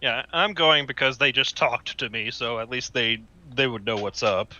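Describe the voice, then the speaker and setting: Bright, muffled-sounding man player. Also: medium pitch, moderate pace. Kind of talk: tabletop game play.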